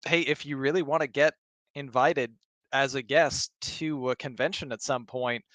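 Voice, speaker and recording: A man's voice: medium pitch, fairly even intonation, normal speed, fairly bright tone, no room sound. A man co-hosting a card game podcast in casual chat, encouraging and enthusiastic. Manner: encouraging and enthusiastic, with many fillers. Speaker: podcast co-host.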